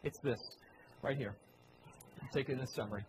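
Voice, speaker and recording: A man preaching a sermon, repeating key phrases, asking the congregation questions, and swinging between loud emphatic lines and low quiet ones. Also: moderate pace, background noise. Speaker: pastor. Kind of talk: sermon with slides.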